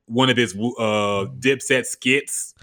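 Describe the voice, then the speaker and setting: A man's voice: mid-range voice, fairly even intonation, takes it slowly, pushed and bright. A man co-hosting a casual podcast chat, laid-back and joking, often saying "man". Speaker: podcast co-host.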